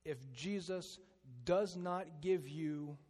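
A man delivers a sermon as a pastor, his voice sitting a little high for a man. He leans into a slow, hushed delivery when he stresses a point. A long reverb from the hall trails after every phrase. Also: steady tone.

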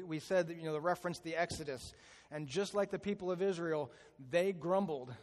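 A man delivers a sermon as a pastor, his voice sitting a little high for a man. He leans into a slow, hushed delivery when he stresses a point. A long reverb from the hall trails after every phrase.

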